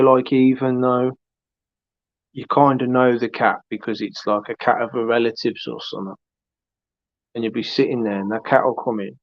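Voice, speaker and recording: A man's voice: mid-range voice, no echo. A man hosting a live stream, chatting casually and rambling as he greets viewers by name. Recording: dull lo-fi stream audio.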